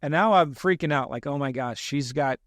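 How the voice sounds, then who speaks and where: Guy on a podcast telling a story about himself, bit higher voice, dry close mic, jumps around a lot acting out what people said. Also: normal speed, dry recording. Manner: animated, self-deprecating storyteller who acts out quoted lines. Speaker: real estate investor guest.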